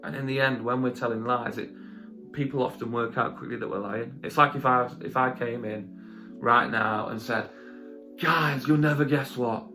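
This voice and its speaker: A man's voice: mid-range voice, level tone, normal speed. A young man leading an online children's Bible lesson, chatty and jokey, often breaking off his own story. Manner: chatty, jokey, self-interrupting. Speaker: children's church leader. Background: guitar music.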